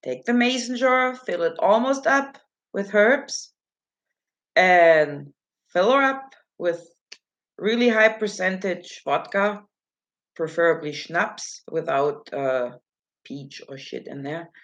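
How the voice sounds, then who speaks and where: A woman's voice: medium pitch, lively intonation, takes it slowly, a bit bright, highs cut off. A woman hosting a casual livestream, rambling and laughing as she answers chat messages from her viewers. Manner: giggly, rambling, self-mocking. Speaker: livestream host.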